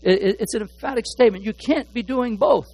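A man preaching from the pulpit in a high, light voice. He stumbles and repeats little words as he gropes for a phrase. Then he leans hard on single words before dropping back to a near murmur. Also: low-quality recording. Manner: halting, repeats words while searching for phrasing; shifts between hushed asides and emphatic stressed words. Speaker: pastor. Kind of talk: sermon.

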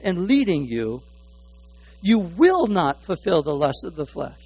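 High-voiced pastor with halting delivery. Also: male voice, sing-song, low-quality recording. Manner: halting, repeats words while searching for phrasing; shifts between hushed asides and emphatic stressed words. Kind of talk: sermon.

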